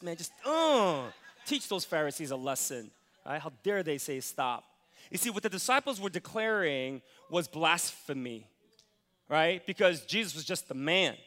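A middle-aged man preaching a sermon as pastor, animated, moving from quiet, earnest passages to loud, excited ones. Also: on the high side, moderate pace. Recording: long reverb of a large hall.

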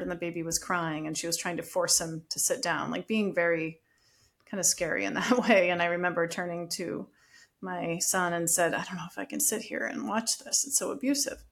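Earnest, reflective woman with a lowish voice. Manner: earnest, reflective, animated telling. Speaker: guest. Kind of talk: conversational podcast storytelling.

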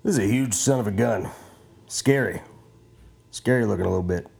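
A man's voice: fairly low pitch, brisk, gravelly, darkish tone, husky. A man hosting a podcast, rambling casually in a profane, joking, self-mocking way at home. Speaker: podcast host.

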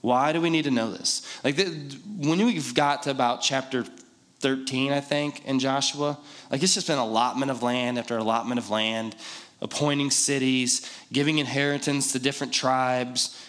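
A man's voice: mid-range voice, fairly bright tone. A man preaching a sermon in a conversational, joking way, driving points home with repetition. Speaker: pastor.

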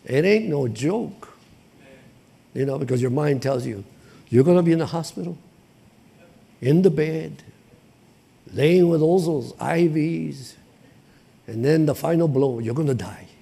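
A male preacher with a high, gravelly voice delivers an impassioned sermon. He talks plainly with slang and repetition and builds up to shouting. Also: a little slow, pauses often.

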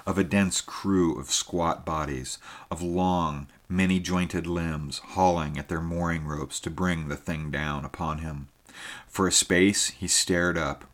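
A man reading a story aloud with a very deep, low voice. His delivery is measured and steady, carrying long descriptive passages at an even keel. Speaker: audiobook narrator. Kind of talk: scripted narration.

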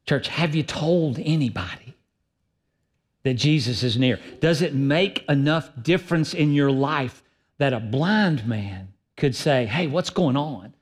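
A man preaching a sermon as pastor, emphatic and swinging between loud and soft delivery. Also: mid-range voice, expressive, a little slow, breathy edge.

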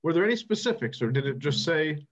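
A man co-hosting a podcast in deadpan comedic chat, rambling earnestly as he plays along with the joke. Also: on the high side, fast talker, dull audio. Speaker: podcast co-host.

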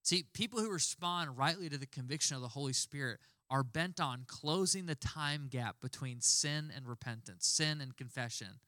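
A man's voice: a little high, normal speed, hardly any pauses, bright, forceful tone, no room sound, studio quality. A young man preaching a sermon in a conversational storytelling way, acting out the dialogue he quotes. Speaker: pastor.

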